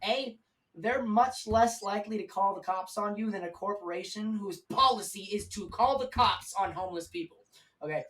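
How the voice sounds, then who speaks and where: A man's voice: sits high, fairly bright tone, recorded from a distance, rough recording. A man speaking as a guest on a live stream, telling his story in a candid, rambling way with plenty of swearing.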